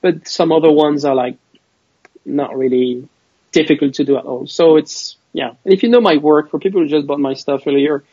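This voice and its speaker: A man with a French accent, a guest magician who talks in an animated way, laughing often and restarting his sentences. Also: on the high side, moderate pace, breathy edge, no room sound. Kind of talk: live video interview chat. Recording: dull lo-fi dry sound.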